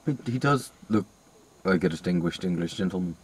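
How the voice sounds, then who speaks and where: A man's voice: sits low, expressive, brisk, husky. A man in a casual film review chat, exasperated and sweary. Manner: exasperated, sweary, mocks accents.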